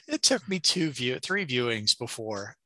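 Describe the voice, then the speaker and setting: A middle-aged man chatting casually as a podcast co-host, an animated storyteller who laughs often and acts out quotes. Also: medium pitch, measured pace, no room sound. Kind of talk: casual chat.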